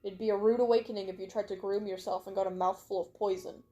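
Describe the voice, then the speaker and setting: A woman reading the lines of a calm, knowledgeable male wolf trainer in her own voice, in a light explanatory way. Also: mid-range voice, fast, faint music behind, natural voice. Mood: explaining.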